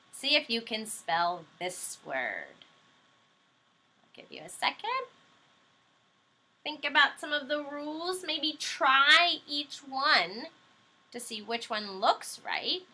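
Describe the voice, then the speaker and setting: Woman, primary teacher, patient phonics walkthrough, very bright, slightly high voice, slow and drawn out. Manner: slow, patient, encouraging, stretches out words and letters. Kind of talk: phonics lesson for young children.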